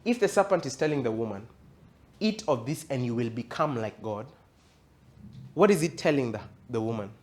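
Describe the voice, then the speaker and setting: A man's voice: mid-range voice, expressive, moderate pace, a little mellow. A male pastor giving an interactive Bible teaching, reading scripture aloud and quizzing his audience in a conversational way that rises to emphatic.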